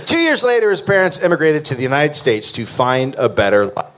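A man's voice: fairly high pitch, a little fast. A man hosting a live comedy history podcast, reading a story aloud to his co-host and cracking jokes on stage. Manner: joking, animated storyteller. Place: live theater stage before an audience.

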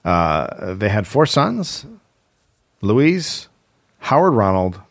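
A man's voice: on the low side, big pitch swings, drawn-out words. A man co-hosting a comedy history podcast, reading notes with stumbles and wry asides. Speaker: podcast co-host.

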